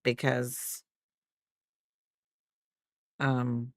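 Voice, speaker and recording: A woman's voice: rumbling low, flat delivery, drawn-out words, no echo. A middle-aged American woman talks unhurriedly on a crochet livestream, drifting from topic to topic as she answers chat. Her voice is recorded dry and close, with no room sound around it. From United States. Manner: rambling, chatty, answers chat between stitches. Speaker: livestreamer crafter.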